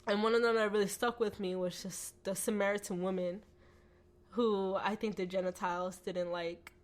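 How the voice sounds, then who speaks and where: A woman telling her personal faith testimony as a podcast guest, animated, acting out quoted voices, with lots of "like" and "you know.". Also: medium pitch, normal speed. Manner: frequent "like" and "you know" fillers.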